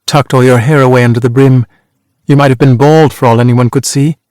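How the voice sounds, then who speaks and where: Guy putting on a sharp teasing ex-actress lady, brisk and cutting, dry close sound. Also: medium pitch, steady tone, no echo, close to an everyday voice. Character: worldly former actress, woman in her thirties, sharp and teasing.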